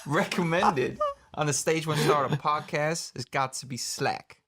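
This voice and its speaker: A man's voice: on the high side, unhurried, bright, forceful tone, husky, full character voice. A man putting on a self-conscious American accent. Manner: self-conscious, laughing through the lines.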